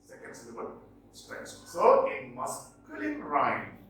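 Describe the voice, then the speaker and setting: A man, lecturing on poetry as a teacher, stressing and repeating key words slowly. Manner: emphatic, repeats key words slowly, with lively pitch jumps. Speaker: English teacher. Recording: roomy echo, distant from mic.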